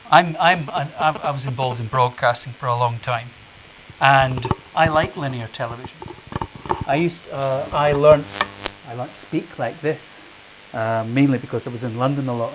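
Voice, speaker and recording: A man's voice: mid-range voice, background noise. A middle-aged man speaking on a panel, chatty and anecdotal, restarting his sentences often. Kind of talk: public talk answering questions. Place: meeting room with audience.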